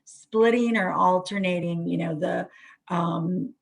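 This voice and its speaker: A woman's voice: fairly low pitch, slow, creaky. A middle-aged woman therapist giving a presentation on trauma in a conversational way, full of fillers and restarts.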